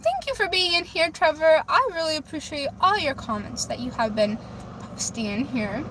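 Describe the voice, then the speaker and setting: A woman's voice: high-pitched, animated, normal speed, fairly bright tone, a little hiss or hum. A woman livestreaming from a phone in her car, casually reading viewer comments aloud and chatting back. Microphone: phone camera.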